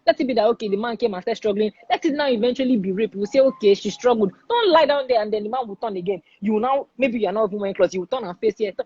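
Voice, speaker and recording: A woman's voice: on the high side, rapid-fire, few pauses, dark tone, slightly rough, dry recording, dull audio. A woman with a Nigerian accent hosting a podcast, speaking forthrightly and with emphasis. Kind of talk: candid podcast discussion.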